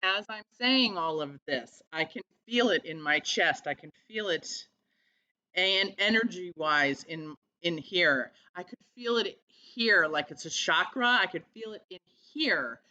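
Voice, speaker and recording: A woman talking in a casual vlog, earnest and halting as she searches for words. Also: fairly low pitch, animated, bright, forceful tone. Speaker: vlogger. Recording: slightly dull lo-fi sound.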